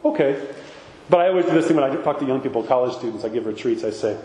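An Orthodox priest gives an informal sermon, talking conversationally and filling it with rhetorical asides. His mid-range voice is animated and rapid-fire, with a dark tone. The echoey hall adds a long reverb.

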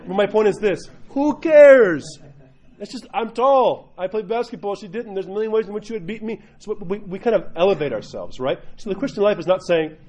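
A man's voice: sits high, quick pace, hardly any pauses, a little mellow. A man speaking as a priest, giving an informal sermon in a blunt, joking, emphatic way.

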